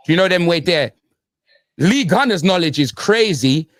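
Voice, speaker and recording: A young man, a guest pundit on a football panel, teasing the others loudly in street slang. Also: sits high, animated, normal speed, no echo, clean studio sound. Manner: teasing, loud, street slang, repeats "blood". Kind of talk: animated football panel banter.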